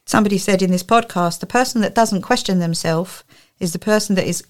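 A woman co-hosting a casual faith podcast, chatty and quick to laugh. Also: medium pitch. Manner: chatty, laughs easily, builds vivid word pictures. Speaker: podcast co-host.

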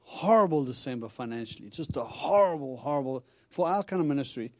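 Speaking briskly at medium pitch, a man preaches a story-driven sermon as an itinerant minister. He brings quotes to life with acted voices and laughs frequently.

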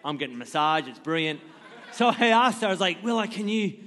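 A fairly high-voiced male guest pastor in his thirties, speaking on a church stage. He preaches with a joking, self-deprecating storytelling manner, and his voice rings out with a long reverb tail. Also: sing-song, fairly quick, pushed and bright. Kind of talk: sermon.

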